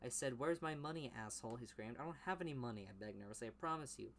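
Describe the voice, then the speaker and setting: A young man reading his old teenage story aloud in a low mumble, then breaking off into loud, mocking commentary. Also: animated, fast talker, slight background noise. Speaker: YouTuber reading his childhood writing.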